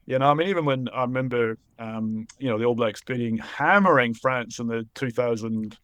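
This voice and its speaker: Earnest Scottish man with a softened accent. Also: mid-range voice, normal speed, dry recording. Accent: Scottish, softened by years in New Zealand. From Scotland. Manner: earnest, reflective, repeats words for emphasis. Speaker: rugby writer, guest. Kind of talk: casual chat.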